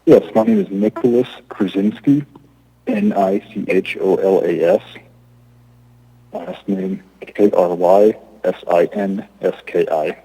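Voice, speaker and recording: A man from Alaska, an applicant giving halting testimony at a zoning hearing over remote audio. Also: sits low, mellow, breathy edge, rough recording. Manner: halting, restarts often.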